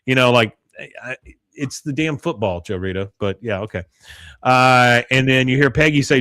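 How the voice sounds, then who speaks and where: Halting man recapping a cartoon episode. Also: mid-range voice, dry recording. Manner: halting, many fillers, animated when quoting. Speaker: podcast co-host recapping a TV episode. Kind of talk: casual recap with acted-out quotes.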